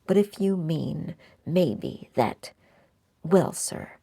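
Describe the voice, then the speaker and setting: A woman voicing a gruff, blunt old male sea captain who blusters loudly. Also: low voice, expressive, very slow, dry recording, full character voice. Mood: indignant. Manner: loud blustering outbursts.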